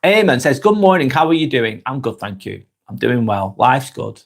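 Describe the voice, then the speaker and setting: Relaxed Northwest English man. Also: mid-range voice, normal speed, gravelly. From Northwest England. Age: 40s. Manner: relaxed, friendly, chatty. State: getting over a cold. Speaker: live stream host reading comments. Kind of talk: casual live chat.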